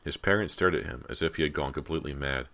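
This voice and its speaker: A man reading a teen horror novel as audiobook narrator, in a steady, measured way. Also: extremely low pitch. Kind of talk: scripted narration.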